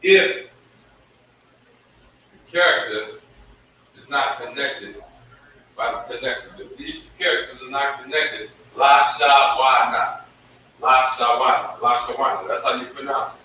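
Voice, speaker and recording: A man teaching a live-streamed Hebrew lesson, slowly sounding out syllables at a board. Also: mid-range voice, animated, bright, forceful tone, slight background noise. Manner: slow, drawn-out sounding of syllables. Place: room with a whiteboard. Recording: echoey room, mic at a distance.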